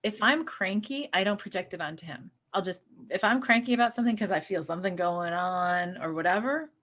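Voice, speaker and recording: A middle-aged woman in casual spiritual conversation, telling personal stories with lively acted-out quotes and frequent laughs. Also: fairly low pitch, fairly quick. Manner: animated storyteller who acts out quotes and laughs. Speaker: co-host.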